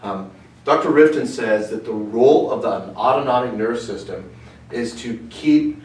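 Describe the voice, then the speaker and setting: A man hosting a casual clinic presentation as a chiropractor, animated and breaking in with asides. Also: mid-range voice, normal speed. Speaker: chiropractor host. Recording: echoey room from far off.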